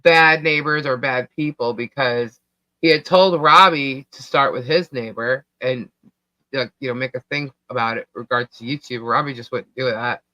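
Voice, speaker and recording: A man with a New York accent co-hosting a casual livestream, reading chat comments out loud in a scattered, distracted way. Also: medium pitch, moderate pace, dry recording, muffled recording. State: hiccups. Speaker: livestream co-host. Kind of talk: casual live-stream chat.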